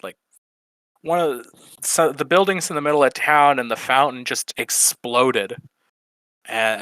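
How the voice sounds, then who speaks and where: A man's voice: medium pitch, pushed and bright, no echo, rough recording. A man voicing a wry young female frog bodyguard, weary and wincing from a head injury, in a tabletop game.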